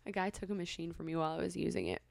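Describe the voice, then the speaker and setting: This young woman co-hosts a podcast, racing through an animated story in casual conversation, with "like" and other fillers everywhere. Her voice sits lowish and is creaky.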